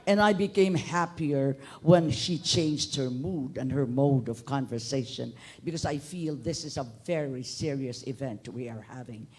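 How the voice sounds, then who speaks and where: Brief: middle-aged Boholano-accented man, husky, mid-pitched, expansive and joking at a forum mic. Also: unhurried, few pauses. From Philippines, Bohol. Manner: expansive, humorous, rising emphatic bursts. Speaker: forum audience member, newspaper manager. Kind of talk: public remarks at a forum. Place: conference hall.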